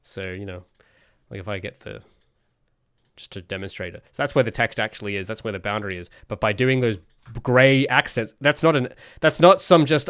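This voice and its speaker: A man's voice: mid-range voice, expressive, a little fast, no echo, studio quality. A young man, a solo game developer, talks through interface design on a livestream in a loose, rambling way, full of restarts and fillers. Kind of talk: casual livestream commentary.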